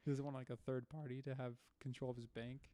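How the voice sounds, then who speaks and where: A man's voice: mid-range voice, level tone, fast talker, warm tone, no echo. A young man co-hosting a casual podcast chat, laid-back and joking, laughing often. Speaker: podcast co-host.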